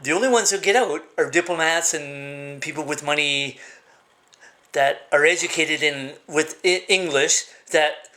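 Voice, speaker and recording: Rambling, bright-voiced man ranting. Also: on the high side. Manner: rambling and halting, full of "uh" and restarts; blunt, opinionated ranting. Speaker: vlogger. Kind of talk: casual monologue to camera.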